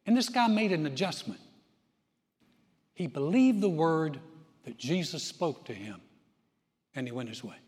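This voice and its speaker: High-voiced man preaching in a hall. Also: brisk. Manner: conversational, folksy, lively storytelling. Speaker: pastor. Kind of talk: sermon.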